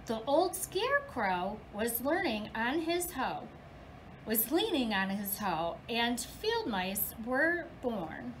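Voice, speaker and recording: Woman preschool teacher, high and bouncy, reading a kids' picture book aloud with animal noises. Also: sing-song, slow, slight background noise, poor audio.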